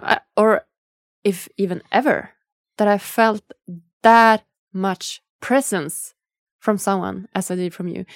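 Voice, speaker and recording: A woman hosts a podcast in relaxed conversation. She talks earnestly and emotionally, with many fillers. The sound is close and dry. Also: medium pitch, no room sound. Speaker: podcast host. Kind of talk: casual interview chat.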